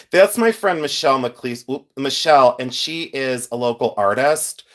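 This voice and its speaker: A man hosts a casual livestream, talking straight to his viewers and calling out their names as they arrive. His pitch moves a lot, from high bursts to low asides, and he laughs often. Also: lively intonation, a little slow. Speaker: livestream host sorting jewelry.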